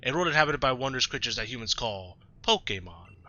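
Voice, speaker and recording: A man voicing an ancient godlike creature, reading its archaic lines slowly and gravely on a slightly dull, lo-fi mic. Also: medium pitch, animated, bright, forceful tone. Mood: solemn.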